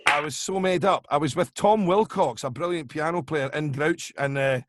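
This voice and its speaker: A man telling animated show-business anecdotes as a guest on a video call, laughing often and slipping into impressions. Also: fairly high pitch, moderate pace, background noise. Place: home over video call.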